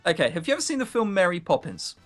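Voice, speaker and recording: A man's voice: sits high, sing-song, quick pace, faint music behind. A young man from Sussex with a southern English accent, hosting a game stream in casual, joking chat and laughing often. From Sussex, England. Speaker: let's play host.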